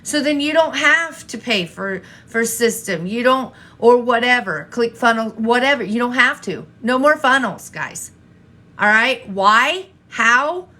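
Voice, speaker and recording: Woman with a high bright voice doing a slow live coaching chat, keeps asking the viewers questions. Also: lively intonation. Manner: repetitive, rhetorical questions to viewers. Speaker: online business coach. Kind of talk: live-stream coaching talk.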